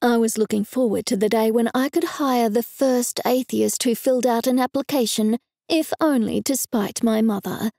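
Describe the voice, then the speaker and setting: Woman narrator for a cozy mystery, wry and dry, slightly high, gravelly, mellow tone, dry close mic. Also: moderate pace, no echo. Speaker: audiobook narrator. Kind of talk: first-person novel narration.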